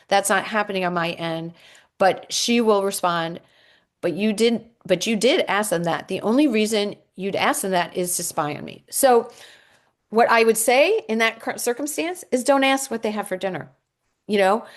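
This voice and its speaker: A middle-aged woman, a divorce coach, giving a workshop talk and answering questions in an earnest, reassuring way, with many ums and restarts. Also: medium pitch.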